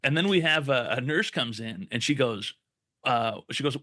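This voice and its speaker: A man's voice: medium pitch, a little fast, no room sound. Profane young man telling a story. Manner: profane, animated retelling with quoted voices. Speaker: podcast co-host. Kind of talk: casual storytelling.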